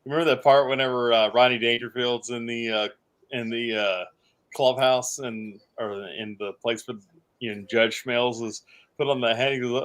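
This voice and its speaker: A man's voice: medium pitch, steady tone, moderate pace, a bit bright. A man co-hosting a live shop-talk stream, boisterous and laughing, swearing freely. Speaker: podcast co-host. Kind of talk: casual shop talk livestream.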